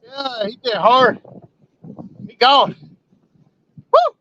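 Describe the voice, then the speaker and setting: A man hosting a casual live fishing stream from a boat on a river, folksy and excitable, whooping when a fish is released. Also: very high voice, extremely slow. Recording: lo-fi outdoor stream with boat noise.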